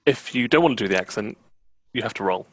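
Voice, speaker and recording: A man running a tabletop roleplaying game as dungeon master, chatty and relaxed, often laughing with the players. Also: on the low side, fast talker, dry recording.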